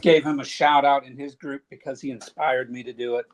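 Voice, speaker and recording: A man's voice: mid-range voice, fairly even intonation, brisk, slight background noise. A man with an ordinary mid-range voice chats on a casual online panel. He is easygoing and slangy, and he laughs easily. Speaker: co-host.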